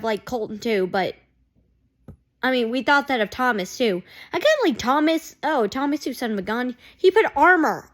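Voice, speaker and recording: A woman vlogger reacting to a TV episode in an excitable, gushing way, full of exclamations. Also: on the high side.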